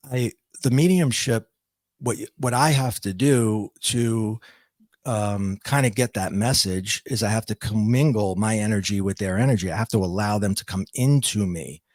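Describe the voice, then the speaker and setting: This middle-aged podcast guest shares something personal in a low-leaning, gravelly, creaky voice that's a little mellow. His delivery is reflective and hesitant, full of restarts and repeated words, and the recording is dry, close and free of echo.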